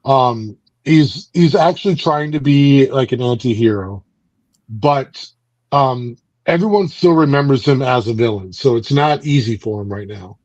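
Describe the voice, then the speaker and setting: A man's voice: mid-range voice, a little slow, a little mellow, no echo, muffled recording. A man hosting a book club, casually recapping a comic book in a rambling way with lots of fillers. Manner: rambling, loose, many fillers.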